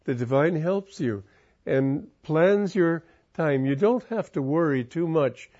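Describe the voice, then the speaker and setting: A man giving a reflective spiritual talk, telling a personal story in a calm, musing way with wandering sentences. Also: on the high side, slow. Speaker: spiritual teacher. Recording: muffled lo-fi recording.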